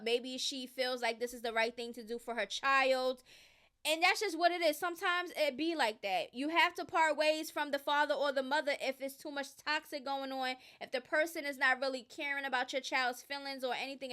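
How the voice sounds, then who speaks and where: A woman hosting casual gossip commentary, reading posts aloud and giving emphatic, opinionated takes that swing between loud and muttered. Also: high voice.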